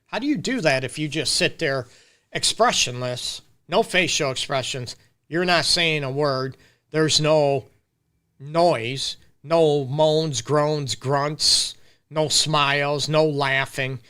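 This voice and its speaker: Talking directly to viewers, a middle-aged man offers relationship counseling in a casual, emphatic live-stream Q&A. He speaks at a slow pace in a slightly high voice that's pushed, bright, and clean.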